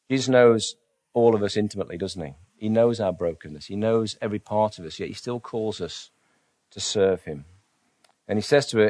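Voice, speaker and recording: A man preaching a sermon, earnest, asking rhetorical questions and softly voicing inner doubts. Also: lowish voice, quick pace.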